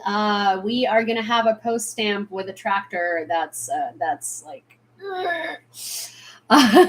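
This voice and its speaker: A woman from Ukraine, speaking with an American accent, chatting casually on a live stream with lots of fillers, restarts and sudden excited bursts. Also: on the high side. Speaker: vlogger answering chat.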